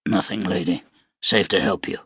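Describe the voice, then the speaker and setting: A man voicing a wounded, stoic lone gunman who speaks tersely, low and grim. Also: moderate pace, sharp tone, husky, dry recording, studio quality, full character voice.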